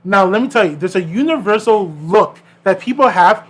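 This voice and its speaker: His voice sits high and moves at a normal speed as he co-hosts a podcast. In easygoing conversation, he tells stories with animation, voicing the people in them.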